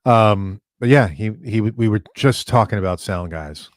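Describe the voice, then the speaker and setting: Casting note: low male co-host, easygoing and hesitant, dry close sound. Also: dry recording. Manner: relaxed, halting, hedges a lot. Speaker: co-host reading viewer questions. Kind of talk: casual chat.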